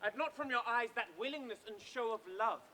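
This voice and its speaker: A man's voice: very high-pitched, brisk, pushed and bright, slight background noise. A man playing Cassius as a scheming, persuasive Roman nobleman who probes and coaxes, in open-air comic Shakespeare. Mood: coaxing. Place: outdoor stage before an audience.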